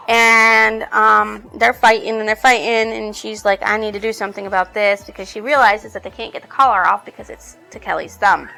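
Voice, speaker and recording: A woman recapping a novel's plot in a bright, ringing voice, chatty and rambling with plenty of fillers and a casual curse or two. Faint music sits softly behind her. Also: medium pitch, creaky. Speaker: book reviewer.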